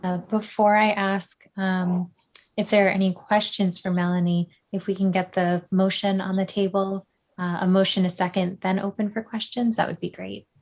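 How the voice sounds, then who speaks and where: A woman's voice: medium pitch, flat delivery, normal speed, darkish tone. Woman chairing a meeting, calling for motions and votes, some uhs. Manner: procedural, with fillers. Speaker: board chair.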